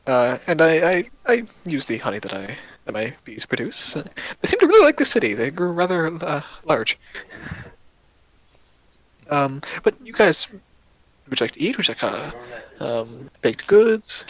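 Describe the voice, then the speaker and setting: A man voicing a kindly old woman who bakes and keeps bees, speaking gently and stumbling over his words. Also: a little high, wildly swooping pitch, moderate pace, dry recording, heavily acted. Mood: hospitable.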